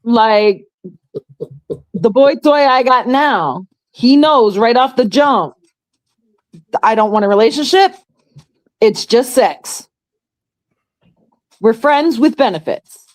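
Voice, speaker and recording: Middle aged new york woman, blunt and cussing, voice kinda high, laughs easy. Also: lively intonation, takes it slowly, pauses often, rough recording. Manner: frank, laughing, swears. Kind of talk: crude casual chat.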